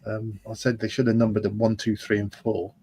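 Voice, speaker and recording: A man's voice: on the low side, completely flat delivery, a little fast, mellow, husky, no room sound. An older grandfather bantering in casual chat while building a model kit on a livestream. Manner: joking, banter. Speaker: co-host of a scale-modelling livestream.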